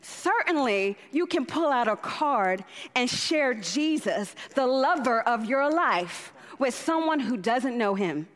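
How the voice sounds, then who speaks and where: A woman preaching with fervent, exhorting energy, her voice pitched high. She repeats phrases for emphasis, driving each point home. The sound carries a long reverb from a large church hall. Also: animated, takes it slowly, fairly bright tone. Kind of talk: sermon. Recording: echoey hall.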